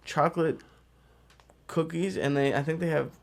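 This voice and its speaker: A man who produces a comedy podcast speaks in a slightly high voice. He talks hesitantly and mumbles a little, as if chatting casually in the studio. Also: moderate pace, vocal fry.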